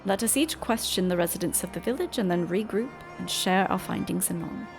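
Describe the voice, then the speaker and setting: A woman's voice: on the low side, expressive, brisk, gravelly, over music. A woman voicing an earnest young male scholar with formal, old-fashioned wording.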